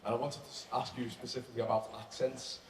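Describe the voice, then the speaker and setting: A man's voice: medium pitch, little pitch movement, fast talker. A man from the audience asking a panel guest a question in a friendly, chatty way. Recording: echoey convention hall, faint noise.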